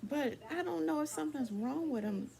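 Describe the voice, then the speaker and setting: A woman's voice: high voice, expressive, normal speed, vocal fry, dark tone. A woman talking candidly and ramblingly in a casual personal vlog to her viewers, asking them for advice. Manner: candid, rambling, dialect speech with restarts.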